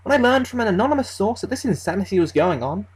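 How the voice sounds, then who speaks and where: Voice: mid-range voice, animated, fast talker, a little mellow, husky, low-quality recording. A narrator telling a first-person horror story in a casual, conversational way, swearing freely as they go. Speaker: creepypasta narrator.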